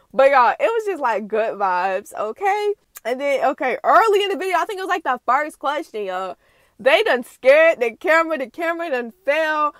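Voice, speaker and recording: A woman's voice: high voice, lively intonation, moderate pace, fairly bright tone, no echo. A young woman hosting a casual reaction recap, chatty and slangy, laughing often. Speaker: reaction channel host.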